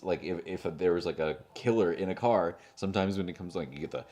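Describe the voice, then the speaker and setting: A man's voice: sits low, quick pace, darkish tone. A young man co-hosting a casual movie chat, rambling with lots of fillers and restarts and joking around. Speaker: podcast co-host.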